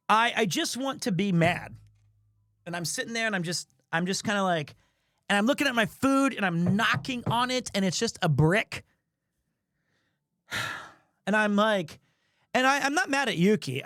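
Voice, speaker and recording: A high-voiced man spins a travel story for his stream, animated and self-mocking, swearing casually as he goes. He is right on a close mic in a dry, dead-sounding space. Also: dry recording. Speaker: live streamer.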